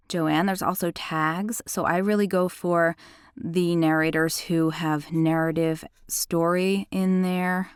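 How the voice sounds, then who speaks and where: A woman who works as an audiobook narrator, hosting a casual software tutorial in a chatty, enthusiastic way. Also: fairly low pitch, clear, resonant tone, no room sound, clean studio sound. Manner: chatty and enthusiastic, self-described critical listener.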